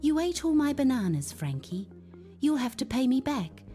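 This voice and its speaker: A woman's voice: mid-range voice, expressive, unhurried, dark tone, soft background music, voice pushed up, lightly acted. A woman voicing a big, stern male crocodile in a children's storybook.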